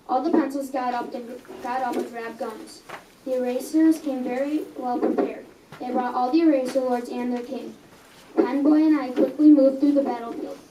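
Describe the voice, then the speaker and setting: In an echoey coffee house, a young girl sincerely reads out a story she wrote, now and then slipping and correcting herself. The mic is some way off, catching her high, mellow voice along with faint ambience and a bit of hiss or hum.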